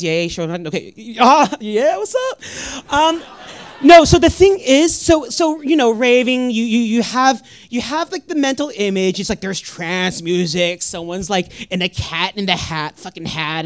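Animated, profane woman doing stand-up. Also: mid-range voice. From Northern California. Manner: animated, profane, acts out voices. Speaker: stand-up comedian. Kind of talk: stand-up comedy set.

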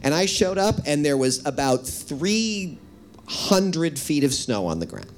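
A man's voice: fairly high pitch, big pitch swings, unhurried, slight background noise. A man from the Midwest, an author, telling a self-deprecating personal story with wry asides.

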